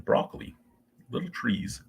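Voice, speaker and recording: A man's voice: a little slow, slight background noise. A man hosting a casual beer review livestream from home, rambling and joking crudely with his chat.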